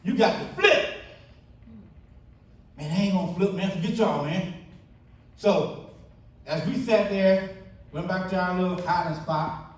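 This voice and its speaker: Man, keynote testimony speaker, lively storyteller, higher voice, very echoey hall heard from afar. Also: moderate pace, long pauses, distant mic. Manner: storytelling, acts out quoted friends in animated bursts. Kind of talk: testimony speech at a banquet. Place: church banquet hall.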